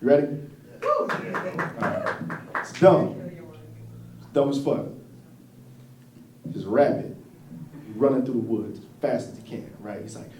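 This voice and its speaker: A man's voice: medium pitch, animated, unhurried, long pauses, background noise. A man doing a stand-up set in a comedy club, profane and laughing at his own jokes. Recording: echoey room from far off, crowd.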